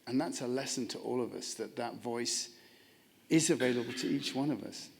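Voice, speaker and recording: A man's voice: mid-range voice, moderate pace, creaky, slight background noise. A man leading a reflective spiritual discussion in a chapel, earnest and searching, often restarting his sentences. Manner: earnest, searching, many restarts and "you know". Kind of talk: reflective spiritual talk with congregation.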